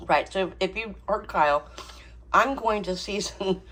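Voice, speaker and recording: A woman's voice: mid-range voice, measured pace, a bit bright, a little hiss or hum. A woman hosting a home cooking channel, talking casually with frequent ums and small laughs. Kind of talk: casual cooking vlog chat.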